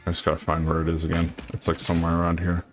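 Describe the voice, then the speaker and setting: A man giving relaxed, casual commentary as he plays a factory-building game, thinking aloud while he builds. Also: low-pitched, rapid-fire, faint music behind. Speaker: streamer.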